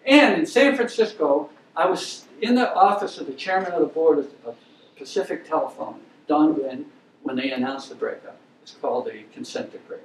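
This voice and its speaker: A man's voice: fairly high pitch, normal speed. Older man lecturing in a roomy hall. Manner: emphatic storytelling, blunt and opinionated. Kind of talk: anecdotal lecture. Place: lecture room. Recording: roomy, distant mic with faint hiss.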